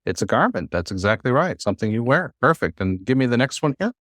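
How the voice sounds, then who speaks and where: Male teacher, patient and encouraging, mid-pitched, dry recording. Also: big pitch swings, quick pace, fairly bright tone, no room sound. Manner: patient, encouraging, filler-heavy. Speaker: Hebrew teacher. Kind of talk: classroom teaching. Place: classroom.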